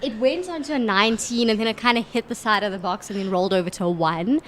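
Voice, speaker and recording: A woman's voice: medium pitch, fast, fairly bright tone, slight background noise. A woman playing in a tabletop game, chatting playfully and making puns about her character's moves. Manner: playful, punning, self-interrupting. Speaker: player. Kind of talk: casual tabletop banter.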